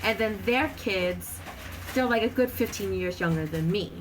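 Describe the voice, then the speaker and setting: A woman's voice: mid-range voice, normal speed, a loud crowd, low-quality recording. A woman in her thirties, a podcast guest chatting casually with lots of fillers and frequent laughter.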